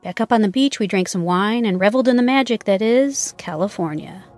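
A woman narrating a first-person scary camping story in a measured storytelling voice. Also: mid-range voice, expressive, darkish tone, soft background music. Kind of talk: scripted narration.

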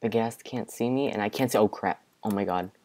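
A young man giving casual let's-play commentary from his bedroom, excitable, with panicky outbursts and repeated exclamations. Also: fairly low pitch, a little fast. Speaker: gaming video creator. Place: home bedroom.

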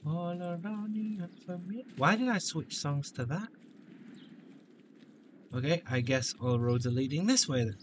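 A man's voice: on the high side, a little slow, pauses often, a little hiss or hum. A man hosting a gaming video, joking and playful as he comments on his play. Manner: joking, playful, with silly voices and outbursts.

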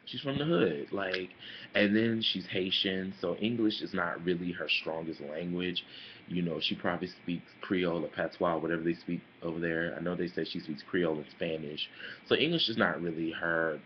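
Young male vlogger, deep voice, sassy and animated, muffled home mic with faint hiss. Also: moderate pace. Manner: sassy, animated, calls listeners honey and girl. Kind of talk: casual opinion vlog.

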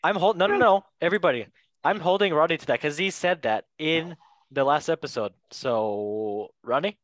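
A young man hosting a casual football podcast, playful and quick to laugh, with goofy asides. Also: a little high, no echo. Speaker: podcast host.

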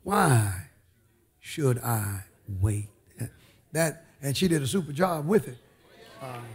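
A man's voice: on the high side, vocal fry, breathy edge. A man preaching a sermon as a bishop, emphatic, repeating phrases and calling out amen.

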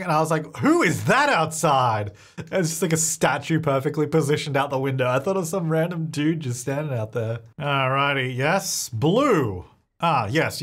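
A man's voice: fairly high pitch, fairly bright tone. A man hosting a gaming video, giving chatty, self-mocking gameplay commentary and laughing often.

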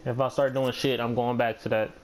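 A man's voice: medium pitch, flat delivery, brisk, noisy background. A man giving casual, profane gameplay commentary, muttering to himself and running himself down as he plays. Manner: muttering, profane, self-critical. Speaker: gamer and channel host. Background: background music.

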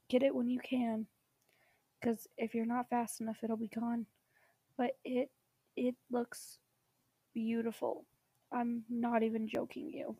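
A high-pitched woman with a gravelly, fry-edged voice that is giving out on her. She rambles eagerly through shout-outs for her tabletop gaming channel. Her tone is mellow and dark, and the sound is close and dry. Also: no echo. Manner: enthusiastic, rambling, many ums. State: losing her voice. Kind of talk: casual product shout-outs.

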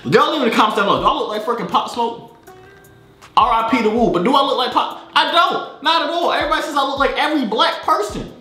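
Young guy w a high voice hyping up his vlog, jokey, faint music in the back. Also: quick pace, echoey room. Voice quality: high-pitched for a man. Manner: lively, joking, hyped-up slangy vlog talk. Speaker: vlogger. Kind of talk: casual vlog.

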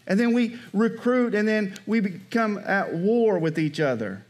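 A pastor preaching a sermon in a conversational way, often checking in with the congregation by asking "Amen?" and "right?". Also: male voice, sits high, lively intonation, unhurried, a little mellow.

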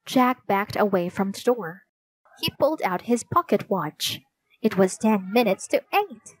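A woman narrating a children's storybook in a slow, clear reading voice. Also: medium pitch, animated, no room sound, low-quality recording.

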